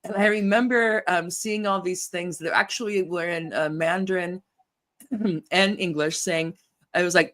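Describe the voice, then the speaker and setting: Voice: mid-range voice, steady tone, a little slow, a bit bright. A host running a political interview over a video call, rambling with many fillers and frequent laughs.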